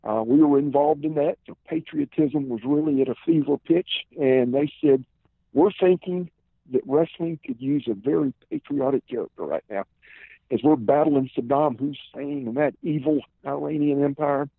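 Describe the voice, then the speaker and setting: Gravelly Southern man on a phone line. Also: fairly high pitch, moderate pace, dry recording. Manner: relaxed storyteller, many "uh" and "and" fillers. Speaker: podcast guest, former pro wrestler. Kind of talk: casual storytelling interview. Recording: tinny phone-line sound, dry.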